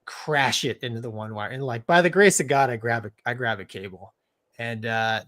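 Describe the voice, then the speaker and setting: A middle-aged man, a former Navy fighter pilot co-hosting a live show, tells a casual story. He keeps it animated, laughs mid-sentence and leans on "man" and "dude". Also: mid-range voice, normal speed.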